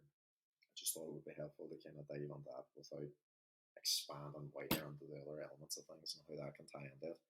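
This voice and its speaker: Man, podcast host, very deep voice, gravelly, casual reflective monologue. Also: fairly bright tone, poor audio. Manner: casual, reflective, many fillers.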